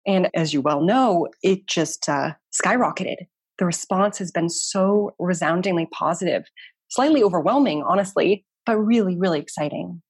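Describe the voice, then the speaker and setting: A woman in her thirties speaks quickly and animatedly as an interview guest, with many casual fillers. Her voice sits a little low and has a husky edge. The recording is dry and close. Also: no room sound. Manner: quick, animated, chatty with frequent "like" and "you know". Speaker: guest researcher and community founder.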